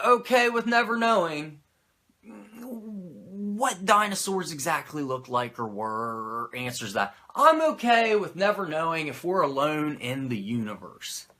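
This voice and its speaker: A man's voice: fairly high pitch, bright, forceful tone. A man recapping an old wrestling episode in casual, rambling commentary, swearing freely and going off on tangents. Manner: rambling, profane, self-mocking. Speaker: wrestling show reviewer.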